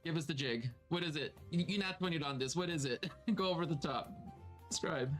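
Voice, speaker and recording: A man's voice: fairly high pitch, fairly quick. A man narrating as game master of a tabletop game, who laughs often and repeats his words. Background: tavern music.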